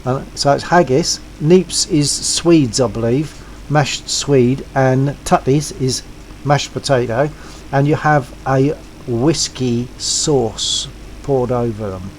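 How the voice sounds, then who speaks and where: A man's voice: medium pitch, slow, a little hiss or hum, rough recording. An older English man hosting a casual game stream, chatting and reminiscing with a laugh. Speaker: stream host. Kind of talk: casual gaming chat.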